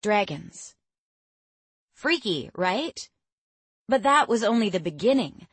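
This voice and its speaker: A woman reading an audiobook in steady, measured first-person narration. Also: medium pitch, husky, no room sound.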